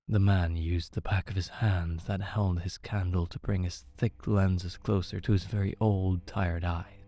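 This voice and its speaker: Man, very low voice, measured horror narration, faint music behind. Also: fairly even intonation, warm tone. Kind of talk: scripted horror story narration.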